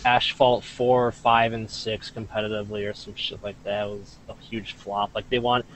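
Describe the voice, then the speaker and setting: A man in his twenties chatting casually as a guest, animated and loose, full of likes and swearing. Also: lowish voice, normal speed, a little hiss or hum, poor audio. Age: 20s. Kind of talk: casual chat.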